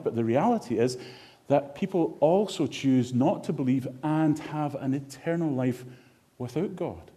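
Preacher with a mellow voice. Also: male voice, mid-range voice, lively intonation, normal speed. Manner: emotional, storytelling, rising to passionate emphasis. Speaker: pastor. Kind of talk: sermon.

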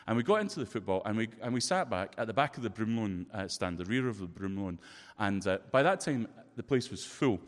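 Scottish preacher in an echoing hall. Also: male voice, fairly low pitch, brisk. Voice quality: lively, expressive storytelling. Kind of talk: sermon with personal anecdote. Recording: long reverb of a large hall.

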